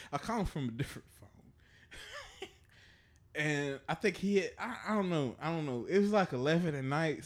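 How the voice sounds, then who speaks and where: A man co-hosting a podcast, telling stories in a casual, profane way and laughing through them. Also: mid-range voice. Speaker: podcast co-host. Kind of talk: casual storytelling chat.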